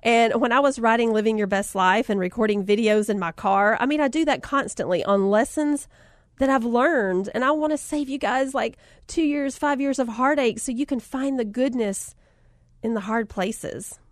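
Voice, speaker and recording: Sharing life lessons in an easygoing, upbeat way, a woman with a Southern US accent tells animated stories from her own life and laughs between lines. Her pitch is a touch high, her pace moderate, and "y'all" comes up often. There's almost no room echo; the audio is dry and intimate.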